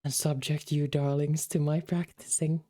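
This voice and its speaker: A woman's voice: deep voice, little pitch movement, normal speed, dark tone, no echo, studio quality. A woman streamer chatting casually with her viewers while reading a game, affectionately calling them darlings.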